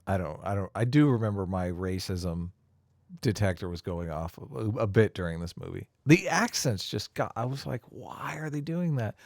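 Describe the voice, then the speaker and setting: A man's voice: low voice, expressive, moderate pace, creaky, no echo, studio quality. A man co-hosting a casual livestream chat in a wry, provocative way, chuckling as he talks. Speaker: livestream co-host and video maker.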